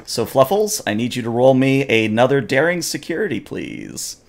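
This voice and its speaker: A man serving as game master for a tabletop game narrates the action with lively storytelling and lots of filler words. His voice sits in the mid range, and he speaks at a moderate pace.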